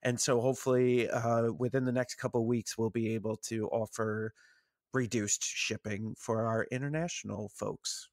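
A man's voice: mid-range voice, steady tone, moderate pace, no room sound, clean studio sound. A man from the United States co-hosting a podcast, rambling and joking about himself. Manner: rambling, self-mocking. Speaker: podcast co-host. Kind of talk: casual podcast chat.

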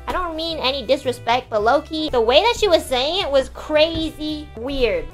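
A woman in her twenties telling a story on a live stream, animated and exasperated, swearing freely. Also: sits high, normal speed, faint music behind. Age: 20s.

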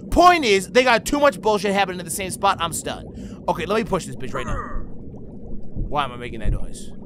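Excitable, high-pitched cursing gamer man. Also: moderate pace, noisy background. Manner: excitable, profane, shouting reactions. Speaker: gaming video host. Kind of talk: let's play commentary. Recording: game music behind.

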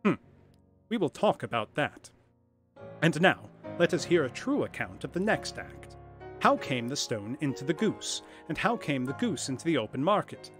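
A man voicing a calm, stern male detective who speaks in a low, measured way. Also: soft background music.

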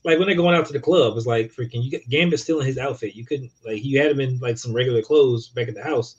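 A man's voice: medium pitch, quick pace, slightly rough. Rambling man on a slightly dull recording. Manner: loose and rambling, full of fillers. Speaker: podcast co-host. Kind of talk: casual review chat.

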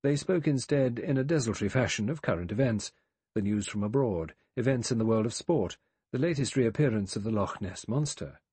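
A man narrating an audiobook in a measured, even reading. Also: medium pitch, husky, no echo. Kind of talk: scripted narration.

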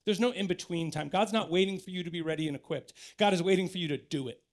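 High, gravelly-voiced pastor preaching. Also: male voice, fast, hardly any pauses. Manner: earnest, building to emphatic exhortation. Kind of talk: sermon. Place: church.

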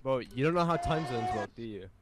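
A man's voice: mid-range voice, expressive, fast, over music. A British man in an online game's voice chat, hostile and swearing, stammering when riled. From United Kingdom. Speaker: online game player. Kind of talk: heated voice chat argument.

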